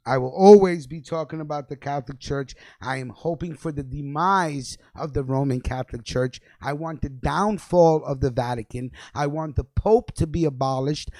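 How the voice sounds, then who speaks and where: A man's voice: on the high side, darkish tone, no room sound. A young man hosting a radio show, delivering a fiery, profane, repetitive freestyle rant.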